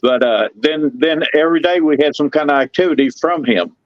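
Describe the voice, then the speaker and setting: Middle-aged man, folksy rambling storyteller, fairly high voice, dull dry recording. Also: a little fast, dry recording. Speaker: guest telling paranormal stories. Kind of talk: casual storytelling chat.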